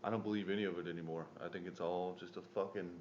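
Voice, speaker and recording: A married man co-hosting a casual podcast, swearing freely and rising into loud bursts when he retells a story. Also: low voice, fairly even intonation, quick pace, lo-fi sound, slight background noise. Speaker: podcast co-host.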